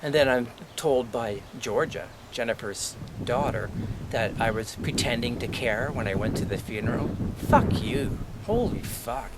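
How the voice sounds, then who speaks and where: A man's voice: medium pitch, normal speed, heavy background noise. A man vlogging an angry personal rant, indignant and swearing freely as he vents. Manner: profane, indignant, venting.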